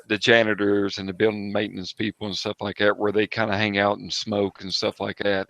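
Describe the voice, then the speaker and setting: A man's voice: on the low side, fairly bright tone, no echo. A man playing a tabletop game online, casually describing his character's actions with lots of fillers. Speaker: player. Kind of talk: tabletop game play over an online call.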